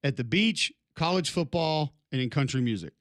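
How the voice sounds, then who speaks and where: A man's voice: fairly high pitch, normal speed, dry recording, clean studio sound. A man co-hosting a morning sports radio show, chatting casually with opinionated, rambling takes. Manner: opinionated, rambling, lively tangents. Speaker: radio sports talk co-host.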